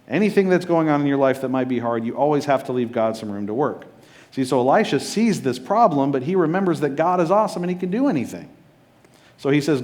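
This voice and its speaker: A man's voice: medium pitch, expressive, quick pace, a little mellow. A man preaching a sermon as pastor, casual and joking, often checking in with his listeners.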